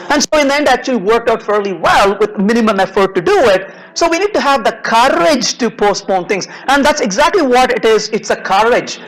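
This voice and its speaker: A man delivers a software design talk to a conference audience. His voice rises and falls a great deal. He slips into storytelling and acts out the exchanges in his anecdotes. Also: extremely high pitch, low-quality recording. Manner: animated storyteller, acts out dialogue. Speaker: conference speaker. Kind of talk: technical talk with personal anecdotes.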